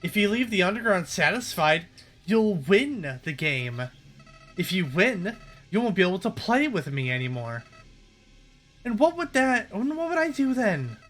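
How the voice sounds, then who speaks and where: A man voicing a menacing, gleeful evil flower monster from a video game, reading its dialogue aloud slowly and tauntingly. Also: high voice, sing-song, fairly bright tone, heavily acted.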